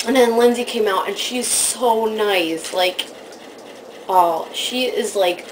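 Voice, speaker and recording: A woman chats to the camera in a casual vlog, gushing and excitable as she recounts things. She keeps jumping into high, squealed impressions of what people said. A faint hiss of noise sits under her voice. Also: slow, low-quality recording. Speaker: vlogger.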